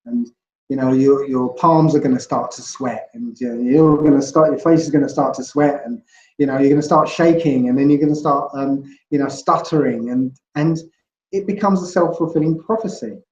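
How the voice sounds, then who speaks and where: A man's voice: mid-range voice, normal speed, darkish tone. A man talking as a guest in a casual interview, rambling and checking in with "you know" and "right?" as he explains. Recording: roomy, muffled lo-fi sound.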